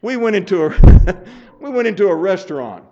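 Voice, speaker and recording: An older man preaching a folksy sermon, telling stories and building up to loud urging. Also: sits high, expressive, normal speed. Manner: storytelling, chuckling, rising to loud exhortation. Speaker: pastor. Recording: muffled lo-fi sound.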